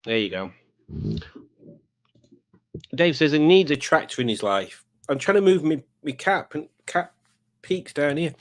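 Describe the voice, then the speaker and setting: A man's voice: on the high side, lively intonation, unhurried, pauses often. A middle-aged man chatting on a home live stream, rambling and poking fun at himself. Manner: rambling, chatty and self-mocking. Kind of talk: casual live stream chat.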